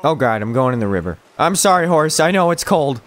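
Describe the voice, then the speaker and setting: High, animated young man gaming. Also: a little fast. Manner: playful, giggly, lively, reads prompts aloud. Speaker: gameplay streamer. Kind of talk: casual let's-play commentary.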